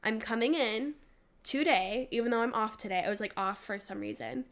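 A young woman co-hosts a laid-back podcast, her voice a little high and a little quick. She tells stories with lots of energy, acts out the quotes, and leans heavily on "like" as filler.

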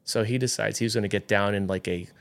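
A man's voice: fairly low pitch, steady tone, fast talker, vocal fry. A man around forty in casual podcast chat, telling a story animatedly and acting out what others said.

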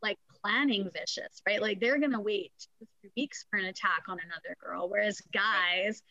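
A woman talks in an easy, casual way and is recorded dry and close, with no room sound. She tells her stories with energy and acts out the voices of the people she quotes. Her pitch sits in the middle of the range. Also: moderate pace, bright, forceful tone, no echo, highs cut off. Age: adult parent. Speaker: corrections officer. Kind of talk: casual conversation.

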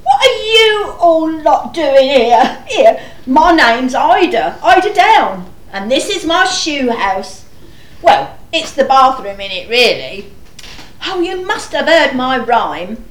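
A woman playing a frazzled, exasperated mother of many children in a panto, chatty and slow. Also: high voice, sing-song, exaggerated voice. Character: frazzled harried mother in a shoe house. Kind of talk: amateur panto acting. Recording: echoey room.

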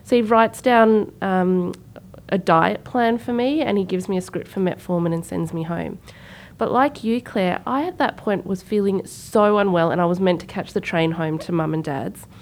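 Low gravelly-voiced woman telling a story. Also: moderate pace. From Sri Lanka. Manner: animated, acts out quoted voices. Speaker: podcast co-host. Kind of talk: casual conversational storytelling.

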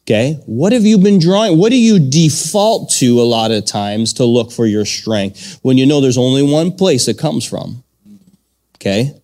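A man's voice: medium pitch, lively intonation, moderate pace, dark tone. A man preaching a fervent sermon as pastor, repeating phrases and calling on the congregation to answer back. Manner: fervent preaching with repetition and call-and-response.

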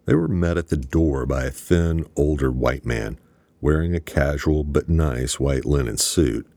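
Very deep, gravelly male narrator. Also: a little mellow, no echo. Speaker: audiobook narrator. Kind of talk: scripted narration.

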